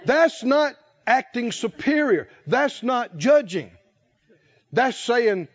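A man preaching a sermon in a folksy, animated way, chuckling and acting out little voices. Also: very high voice, takes it slowly. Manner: animated, folksy, laughs often, acts out voices. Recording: dull lo-fi sound.

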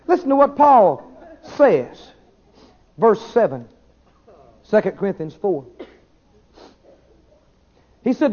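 A man preaching a sermon, swinging between shouted declarations and quiet asides. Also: high voice. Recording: dull lo-fi sermon recording.

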